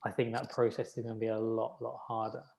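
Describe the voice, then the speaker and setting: A man in his thirties talking as a guest in a casual interview. He is relaxed and self-deprecating, often restarting his sentences as he thinks aloud. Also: fairly low pitch, quick pace, vocal fry. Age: 30s. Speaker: podiatrist guest.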